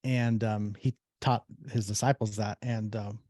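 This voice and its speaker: A man's voice: lowish voice, flat delivery, measured pace, a little mellow, dry recording. A man hosting a spiritual podcast, telling stories in a casual way and affirming his guest. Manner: storytelling, affirming. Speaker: podcast host.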